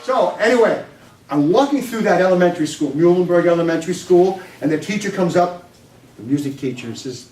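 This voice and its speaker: A man, a psychology professor, giving an animated storytelling lecture to an audience, swinging between loud bursts and quiet asides. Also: high voice, fairly quick, slight background noise. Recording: roomy hall, distant microphone.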